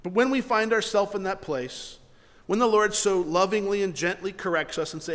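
Man preaching, slightly high voice, earnest, loud then soft, long hall reverb. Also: moderate pace. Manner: earnest preaching, swings from loud to quiet, ends in prayer. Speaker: pastor. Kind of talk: sermon.

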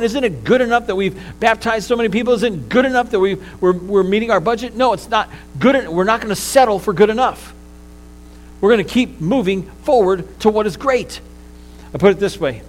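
A man's voice: high voice, low-quality recording. A man preaching a sermon as pastor, in a conversational style with frequent fillers and restarts.

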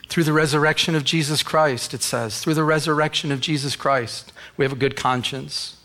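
A male pastor delivers an emphatic, exhorting sermon in church. His voice sits somewhat high for a man, and he drives his points home with repetition. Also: steady tone, normal speed, fairly bright tone.

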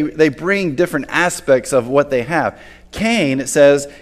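A man's voice: fairly high pitch, a little mellow. A man preaching a sermon as a pastor, talking casually and conversationally and often restarting words. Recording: long hall reverb.

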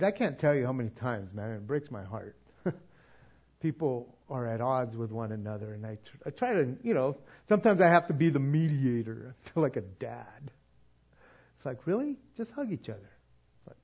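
A man preaching a casual sermon, chatty and laughing often, shifting from quiet, soft passages to loud emphatic ones. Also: medium pitch, highs cut off.

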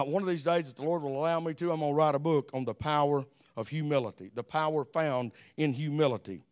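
Older Alabama-accented male preacher, folksy sermon delivery, smooth and slightly high. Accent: Southern US, Alabama. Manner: folksy, repeats amen, animated storytelling.

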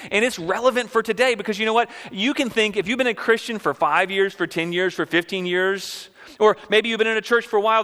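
Bright, animated preacher in a reverberant hall. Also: male voice, high-pitched. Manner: conversational, rhetorical questions, animated. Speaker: pastor. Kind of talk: sermon.

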